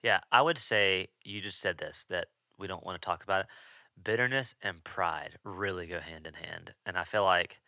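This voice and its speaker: A man's voice: low-pitched, normal speed, bright, forceful tone, no echo, clean studio sound. A young man co-hosting a podcast, chatting casually and telling stories with easy laughs. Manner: chatty, laughs easily, storytelling. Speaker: podcast co-host. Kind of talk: casual chat.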